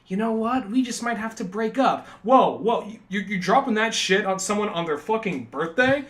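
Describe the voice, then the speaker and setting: A man's voice: sits high, expressive, moderate pace, a bit bright. A man co-hosting a podcast in casual chat, rambling and swearing as he retells scenes from memory. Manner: rambling, profane, laughs at his own retellings. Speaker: podcast co-host.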